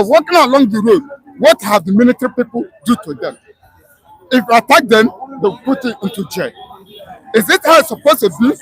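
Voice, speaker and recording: A man's voice: very high-pitched, a bit bright, breathy edge, low-quality recording. A man, speaking emphatically in a street interview and repeating his points.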